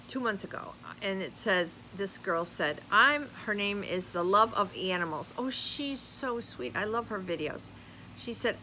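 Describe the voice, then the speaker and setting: An older woman vlogger chatting casually as she reads viewer comments aloud, animated and laughing often. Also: mid-range voice, a little hiss or hum, low-quality recording. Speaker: YouTube vlogger. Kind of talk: casual chat reading comments.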